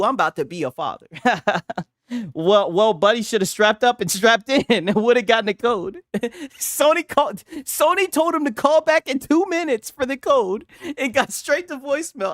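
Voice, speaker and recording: A man's voice: fairly high pitch, a bit bright, dry recording, studio quality. A man hosting a casual reaction stream, talking in a crude, mocking and profane way. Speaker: streamer host.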